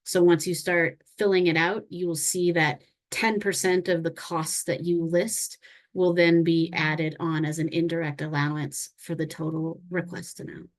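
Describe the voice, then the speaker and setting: A woman with a somewhat low voice reads submitted questions aloud and then answers them. She explains each point in a clear, orderly way. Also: little pitch movement, moderate pace. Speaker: co-presenter answering budget questions.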